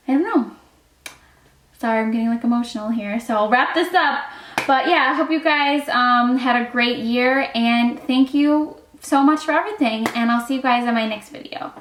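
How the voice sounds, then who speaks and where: A young woman chatting in a gushing, filler-heavy way in a casual beauty vlog. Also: fairly high pitch. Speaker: beauty YouTuber. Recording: echoey room.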